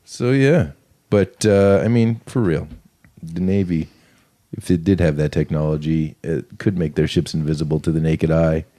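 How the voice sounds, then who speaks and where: A man's voice: very deep voice, normal speed, mellow. A man co-hosting a podcast, reading notes aloud and breaking into jokes and giggles. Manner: giggly, reads script then riffs. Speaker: podcast co-host. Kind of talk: casual chat, reading out notes.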